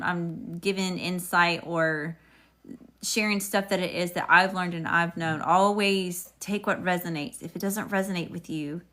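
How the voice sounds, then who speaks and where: Her fairly low voice comes across pushed and bright as she leads a live tarot session. Speaking with an unspecified regional accent, the reader chats with viewers and calls out cheerful greetings.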